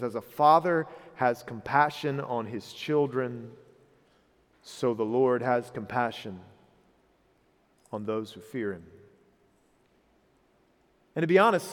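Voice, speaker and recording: Earnest male preacher in a reverberant hall. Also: fairly high pitch. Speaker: pastor. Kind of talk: sermon.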